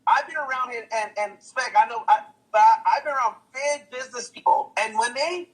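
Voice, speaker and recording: Husky high-pitched hyped-up man. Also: brisk, rough recording. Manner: hyped, repetitive, preachy, says "guys" and "guess what" a lot. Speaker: testimonial speaker. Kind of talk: motivational sales testimonial.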